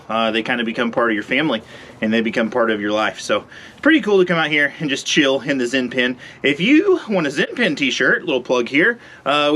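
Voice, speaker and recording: A man's voice: medium pitch, a bit bright, slight background noise. Ranch vlog guy outside in the cold, kinda breathless, rambly and laid back. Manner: easygoing and rambling. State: chilly and a bit out of breath. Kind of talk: casual vlog talk to camera. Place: outdoors at a sheep pen in the cold.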